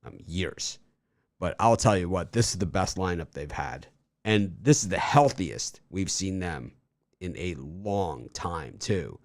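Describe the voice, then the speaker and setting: A man hosting a sports betting show, chatting casually and rambling through stories with animated energy. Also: low voice, measured pace, no echo, studio quality.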